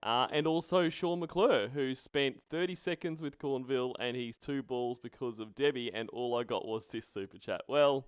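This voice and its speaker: A man's voice: mid-range voice, moderate pace, few pauses, smooth, no echo. A man hosting a commentary show, mocking a recorded phone call in a sarcastic, laughing way. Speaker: host reacting to recordings.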